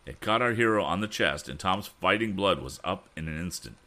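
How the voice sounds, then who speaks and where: A man's voice: low-pitched, expressive, fairly quick, pushed and bright. A man reading an adventure novel aloud with expression, stopping to correct his own misreadings. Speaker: audiobook reader.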